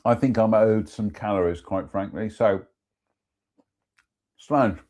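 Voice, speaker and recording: Chatty man, mellow voice. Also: fairly low pitch, slow pace. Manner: chatty, self-mocking asides between readings. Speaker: host reading ghost stories. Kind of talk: casual live-stream reading and chat.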